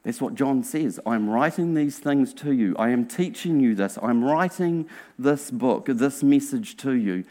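A man preaching a sermon as pastor, earnest and emphatic, asking rhetorical questions and dropping to a hushed voice at times. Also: mid-range voice, animated, measured pace. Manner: earnest, drops to a hushed near-whisper for emphasis.

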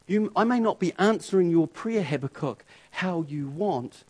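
A man voicing God in a sermon, speaking in a calm, quiet and unhurried way as a resolute deity. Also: breathy edge. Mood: calm resolve. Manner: quiet, slow and unhurried, deliberately lowered.

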